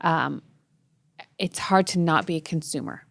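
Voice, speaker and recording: A woman's voice: deep voice, expressive, a little slow, gravelly, dry recording. Reflective woman, dry close sound. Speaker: podcast co-host. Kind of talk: casual faith-based podcast chat.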